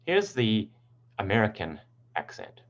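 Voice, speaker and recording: A man's voice: lowish voice, huge pitch swings, unhurried, lo-fi sound. A man teaching English pronunciation, explaining patiently step by step. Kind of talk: explanatory lesson.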